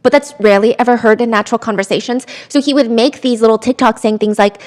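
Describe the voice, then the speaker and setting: Young female podcast host, higher voice, animated true-crime storyteller. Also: quick pace. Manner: chatty, animated asides and quoted voices.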